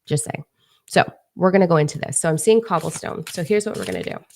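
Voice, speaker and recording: A woman's voice: lowish voice, sing-song, fast, gravelly, darkish tone, a little hiss or hum. A woman livestreaming from her phone as a spiritual coach, brash, profane and emphatic. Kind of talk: livestream talk to viewers.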